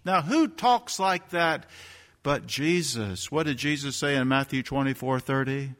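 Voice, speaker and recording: A man preaching a sermon, his voice bright and forceful as it swells into emphatic bursts and rhetorical questions. His words ring out with a long reverb, as if carried through a large hall. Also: medium pitch, animated, measured pace. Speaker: pastor.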